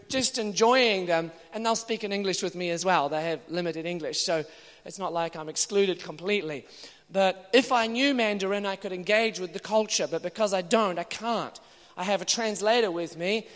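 A man preaching a sermon, telling stories in an animated way with playful asides. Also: high-pitched. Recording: long hall reverb.

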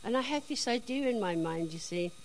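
A woman telling a personal faith testimony in a chatty, animated storytelling way. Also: on the high side, fairly quick, a little hiss or hum, rough recording. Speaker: speaker giving a testimony.

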